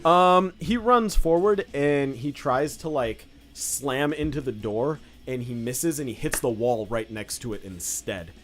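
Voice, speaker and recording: A man's voice: medium pitch, lively intonation, measured pace, few pauses. A young man narrating as game master in a loose, casual way, with lots of fillers. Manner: loose, filler-heavy describing with many "like"s.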